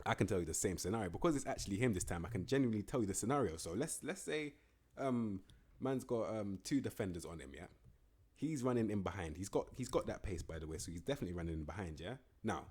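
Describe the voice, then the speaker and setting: Husky, lively young man. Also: fairly low pitch. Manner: slangy, rambling, animated banter. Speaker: gaming YouTuber. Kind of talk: casual game commentary.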